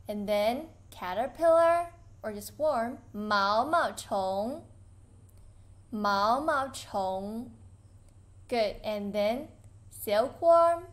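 A woman teaching Chinese vocabulary as a language teacher, saying words clearly and drawing them out for learners to repeat. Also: on the high side. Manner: patient, clear, drawn-out pronunciation for learners. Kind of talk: slow vocabulary lesson with repeat-after-me drills.

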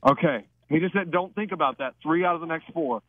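An excitable man calls free throws shot by shot in play-by-play style. His fairly high voice comes through a dry, dull phone line. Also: quick pace, dry recording. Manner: excitable, breathless narration. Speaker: radio show regular. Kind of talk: play-by-play commentary.

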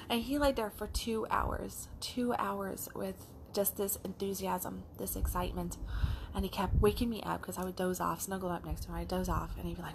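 A middle-aged woman coach telling a casual, animated story, acting out the lines of her child and herself. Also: medium pitch, moderate pace, gravelly, a little hiss or hum. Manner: animated, acts out a child's voice and her own in quotes. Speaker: life coach.

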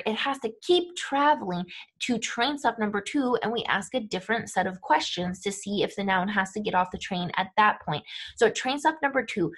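A woman teaching a grammar lesson, explaining each step clearly and methodically. Her pitch sits in the middle of the range. She keeps checking that learners follow with a quick "okay?" or "right?". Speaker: language teacher.

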